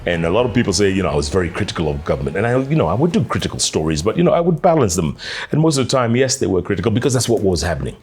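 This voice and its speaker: A man, a journalist, telling an animated anecdote with many casual fillers. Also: low voice, very fast, soft background music. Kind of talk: anecdotal storytelling.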